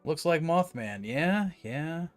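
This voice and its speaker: A male streamer chats his way through a game in a loose, rambling manner, full of fillers. His voice is a little high for a man and very animated. Soft game music plays under him. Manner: casual, rambling, with fillers and quick laughs. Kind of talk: live gameplay commentary.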